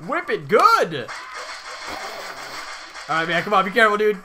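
A man's voice: sits high, huge pitch swings, normal speed. A young man co-hosting a let's play, talking casually over a game, swearing often and laughing at his partner. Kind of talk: casual gaming commentary.

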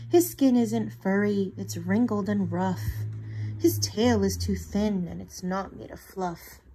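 A woman teacher reading a picture book aloud to children, expressive and asking the listeners questions. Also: mid-range voice, breathy edge. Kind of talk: read-aloud storytelling for children.

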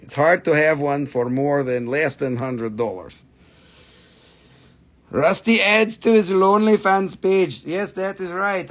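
A man's voice: on the high side, slow pace. A man hosting a live stream gem sale, with joking sales patter and a put-on quirky accent that comes and goes.

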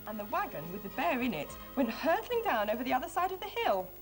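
A woman presenting a children's TV show, reading a storybook aloud and then showing a craft, in an expressive, friendly way. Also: high-pitched, quick pace, soft background music.

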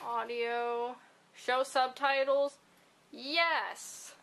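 A woman's voice: high voice, fairly even intonation, drawn-out words, a bit bright, soft background music. A woman giving chatty, profane commentary while playing a video game. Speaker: gaming streamer. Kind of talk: casual let's-play commentary.

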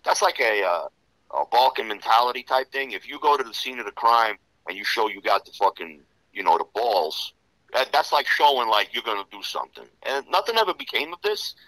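Profane New storyteller, bright and dry. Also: male voice, mid-range voice, animated, fairly quick, no echo, low-quality recording. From Serbian Romanian background. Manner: profane, rambling, full of "you know". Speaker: interview guest. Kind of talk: casual storytelling interview.

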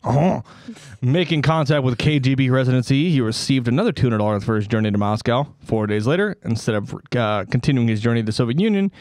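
Male podcast host, reads history then goofs around with silly voices, dry close sound, mid pitch. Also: quick pace, a little mellow, dry recording. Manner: reads history then riffs with jokey put-on voices, laughs often. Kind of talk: casual comedic storytelling.

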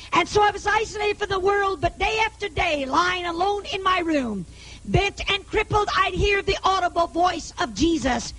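A woman preaching her healing testimony to a live audience, emphatic and often rising to a shout. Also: extremely high pitch, rough recording. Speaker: evangelist giving her testimony.

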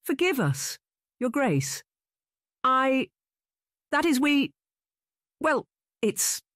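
A man's voice: extremely high pitch, very animated, extremely slow, a bit bright, no echo, clean studio sound, pitched above the performer's own voice, full character voice. The narrator voicing a flustered young man in a storybook who stammers and trips over his words. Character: flustered young man, devoted vicar's son.

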